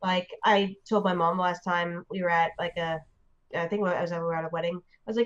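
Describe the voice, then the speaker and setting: A woman from the United States telling a story in a casual, animated way, full of fillers and restarts. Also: on the low side, a little fast, dull audio. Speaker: interview guest.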